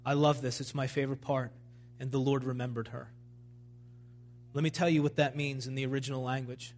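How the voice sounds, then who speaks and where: A man's voice: mid-range voice, level tone, fairly quick, darkish tone. A man preaching a sermon at a church service, in a fervent, emphatic style that builds in intensity.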